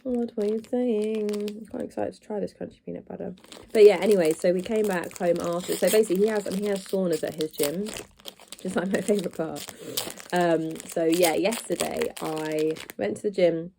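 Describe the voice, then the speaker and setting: Woman, vlog chat, low voice, a bit of vocal fry, stuffy nose, rambling with lots of ums. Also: fairly even intonation, brisk, mellow, a little hiss or hum. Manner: rambling, chatty, frequent ums and restarts. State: stuffy-nosed from hay fever. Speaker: vlogger.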